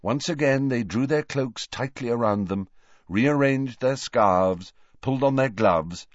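A man narrating an audiobook with expressive storytelling. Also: mid-range voice, unhurried, no echo, highs cut off.

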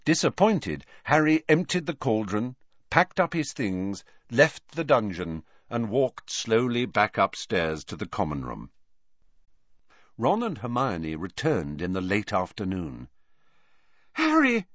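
Male audiobook narrator, low and lively, dry close dull lo-fi sound. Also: unhurried, no room sound. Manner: expressive, character-voiced reading.

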